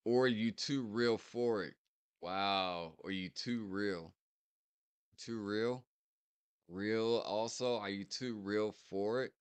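A man hosting a reaction channel, repeating lines and breaking down their meaning in casual, animated commentary. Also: fairly low pitch, slow pace, smooth. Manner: repeats lyric lines and explains them, animated.

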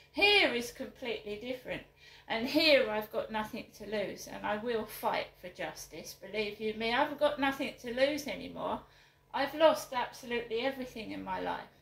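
A middle-aged woman rants to camera in her flat, her voice sitting a little high. She is indignant and emphatic, hammering her points home by repeating them. The room around her rings with a noticeable echo. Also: creaky. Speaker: vlogger. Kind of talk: angry personal vlog rant.

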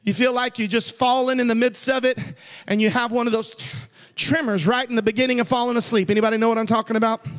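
A man, an evangelist, preaching a sermon with storytelling that builds to shouted emphasis. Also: very high voice, steady tone, quick pace. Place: church sanctuary. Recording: long church reverb.

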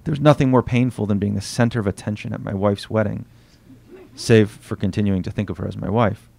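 A man reading aloud from his own novel at a bookstore event, quiet and unhurried, voicing the dialogue softly. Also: fairly low pitch, steady tone, creaky.

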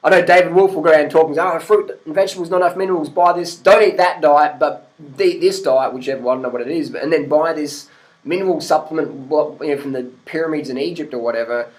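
A middle-aged man vlogging in a loose, animated rant, swearing freely and laughing at people he disagrees with. His voice sits a little higher than most men's. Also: fast, low-quality recording. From Australia. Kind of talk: casual rant to camera.

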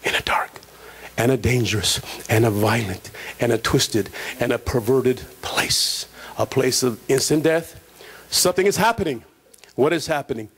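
A man's voice: medium pitch, normal speed, breathy edge. A man preaching his testimony in a streetwise storytelling way, acting out the voices from his past. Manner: streetwise storytelling, acts out voices from prison days. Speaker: guest preacher giving testimony. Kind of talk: testimony sermon.

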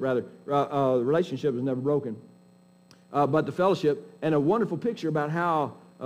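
A man's voice: a little high, fairly bright tone. A male pastor preaching a sermon in a folksy, emphatic way, often restarting his sentences.

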